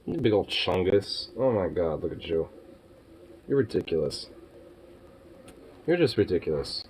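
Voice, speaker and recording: A young man chatting affectionately with his dog in teasing baby talk, often yelping up high and laughing. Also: very animated, measured pace, darkish tone, a little hiss or hum. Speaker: vlogger. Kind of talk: casual talk to a pet dog.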